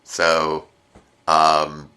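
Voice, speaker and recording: A man co-hosting a casual reaction chat, with quick, animated banter full of fillers. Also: very deep voice, clean tone. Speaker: co-host reacting to a TV episode. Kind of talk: casual chat over a playing episode.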